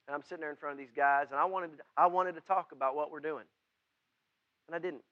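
A man preaching a sermon as pastor, folksy and plain-spoken, swinging from loud preaching to quiet, intimate asides. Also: on the high side, steady tone, quick pace, no echo, muffled recording. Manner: folksy and plain-spoken, with southern-style words.

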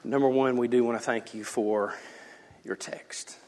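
Male pastor preaching in a church hall, swings from shouts to whispers, long reverb. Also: mid-range voice, steady tone, unhurried. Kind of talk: sermon. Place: church sanctuary.

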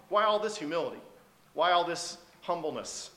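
A man's voice: fairly high pitch, animated, moderate pace, fairly bright tone, roomy sound. A male preacher giving a sermon in a conversational way, often asking the congregation questions. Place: church sanctuary.

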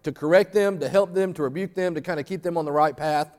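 A man's voice: fairly high pitch, fast, a little mellow. Man preaching in a reverberant hall. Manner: folksy storytelling, voice rising to fervent emphasis. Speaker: pastor. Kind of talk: sermon.

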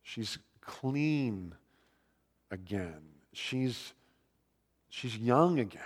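A man's voice: mid-range voice, very slow, slightly rough. Man preaching in a reverberant hall. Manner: conversational, animated storytelling with filler words. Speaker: pastor. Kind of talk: sermon.

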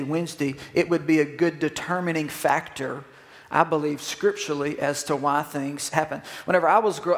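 A man, preaching a sermon as pastor and asking the congregation to respond. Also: on the high side. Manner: animated, call-and-response with congregation. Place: church sanctuary. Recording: long hall reverb.

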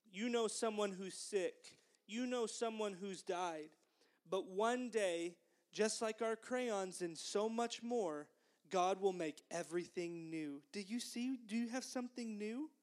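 Slow, gentle woman telling a children's sermon. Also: mid-range voice. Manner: gentle and encouraging, prompts children to repeat. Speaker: children's minister.

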